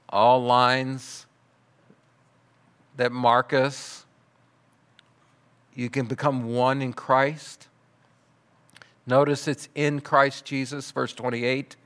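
Preacher guy, slow and deliberate, tells a story mid-sermon, goes soft and quiet sometimes. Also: mid-range voice, smooth. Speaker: pastor.

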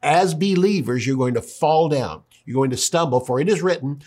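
A man's voice: on the high side, lively intonation, moderate pace, hardly any pauses, a little mellow. A man teaching a sermon, retelling scripture in a conversational way with emphatic asides. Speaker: Bible teacher.

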